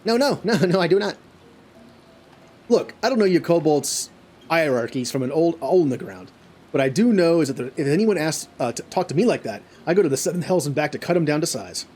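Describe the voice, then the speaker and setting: A man voicing a brash, tough-talking warrior woman in his own plain, husky voice. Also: on the high side, lively intonation, a little fast, darkish tone. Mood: defiant.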